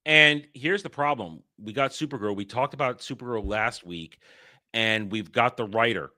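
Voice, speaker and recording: A man hosting a podcast in casual chat, talking hesitantly and sometimes getting excited. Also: mid-range voice, normal speed, dry recording, clean studio sound. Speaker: podcast host.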